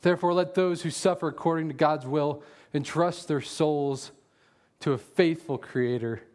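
A man preaching a casual sermon as a pastor, telling jokey stories with loud animated bursts and reading scripture slowly aloud. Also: fairly high pitch.

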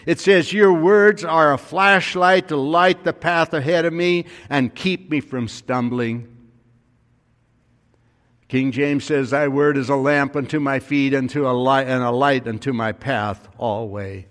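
A man's voice: medium pitch, steady tone, measured pace, a bit bright, big-room sound. A male pastor telling a story in a sermon, his voice rising and falling with emphasis.

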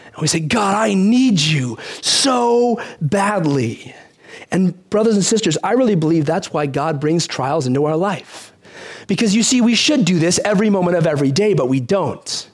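A man preaching a sermon in a conversational way, asking the congregation questions and telling a story from his childhood. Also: fairly high pitch. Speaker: pastor.

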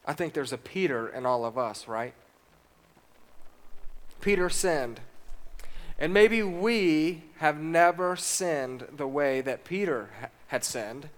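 A man's voice: a little high, slow pace, pauses often. A man preaching a sermon, reading scripture aloud and putting questions to the congregation.

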